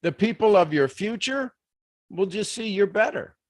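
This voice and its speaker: A man giving a motivational leadership talk on a live stream, animated, full of rhetorical questions and restarts. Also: sits high, moderate pace, no room sound. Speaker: leadership speaker.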